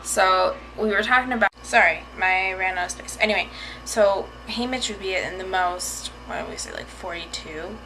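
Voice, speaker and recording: A woman's voice: mid-range voice, moderate pace, bright, forceful tone, a little hiss or hum, rough recording. A woman vlogging casually, chatty and rambling as she tells a story, often laughing. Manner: chatty, rambling, laughs while telling stories.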